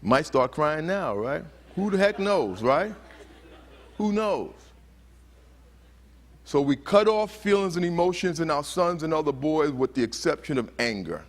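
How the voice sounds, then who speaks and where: A conference speaker with a fairly high, animated voice delivers a motivational talk in a conference hall at a measured pace. He poses questions to the crowd and dramatizes heated quotes.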